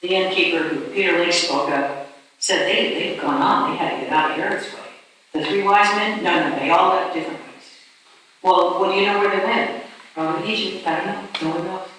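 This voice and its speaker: A woman telling a story as a sermon in a church hall, animated and dramatic, often restarting her words. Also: on the low side, brisk. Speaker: speaker. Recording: echoey distant hall with faint noise.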